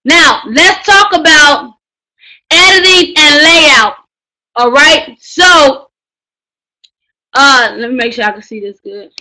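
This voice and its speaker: A woman's voice: high voice, slow pace, pauses often, bright, forceful tone, low-quality recording. A woman coaching a class of book writers, speaking with emphatic, preachy energy, using slang and often raising her voice to drive points home. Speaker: writing coach teaching a book course. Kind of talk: energetic live class talk.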